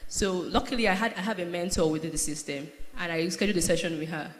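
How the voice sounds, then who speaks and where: A woman's voice: fairly low pitch, fast. A woman from Nigeria speaking on a conference panel, telling candid stories about her career and laughing as she goes. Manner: candid, animated storytelling with laughs. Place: large conference hall. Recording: echoey hall, faint noise.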